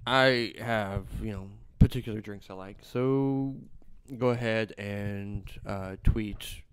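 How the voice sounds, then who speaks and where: Low, hoarse man with deadpan quips. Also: takes it slowly, dry recording. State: sick, hoarse. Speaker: podcast co-host.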